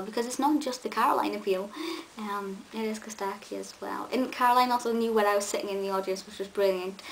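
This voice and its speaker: A woman's voice: medium pitch, a bit bright, rough recording. Gushing young woman, faint hiss. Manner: gushing, chatty, with many ums and restarts. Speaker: vlogger. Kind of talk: casual chat to camera.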